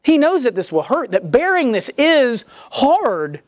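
A woman preaching a sermon in a conversational, animated way, acting out the voices she quotes. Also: high-pitched, measured pace, no echo, clean studio sound.

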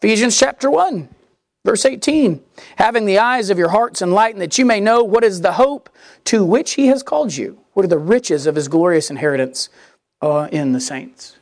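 A woman's voice: medium pitch, normal speed, a little mellow, no echo, clean studio sound. A woman preaching a sermon, reading scripture aloud and pressing her point with questions she answers herself. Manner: emphatic, asks and answers rhetorical questions.

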